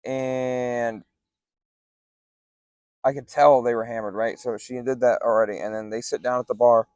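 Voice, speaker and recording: A young man telling a story casually as podcast co-host, loose and animated, with lots of "like" and "dude". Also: medium pitch, moderate pace, no room sound, muffled recording. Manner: animated, acts out other people's lines in raised voices; laid-back, says "like" and "dude" a lot.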